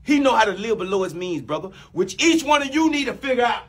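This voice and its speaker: High-voiced bossy man. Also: very animated, fast talker. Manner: bossy, loud and teasing, swings pitch a lot. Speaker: comedian playing a new boss. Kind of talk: improvised comedy sketch.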